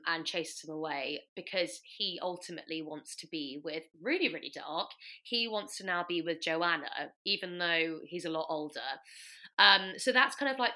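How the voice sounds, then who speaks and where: Woman podcast host, bright forceful tone, loose chatty recap full of ums, slips into quick character voices. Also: lowish voice. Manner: chatty, filler-heavy, acts out quotes of the characters. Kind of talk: casual plot recap.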